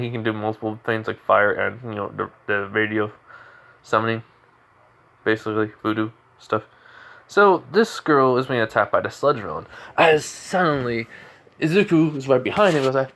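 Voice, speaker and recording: A man's voice: medium pitch, a bit bright. A young man improvising a fan story narration in a rambling way, full of restarts and fillers.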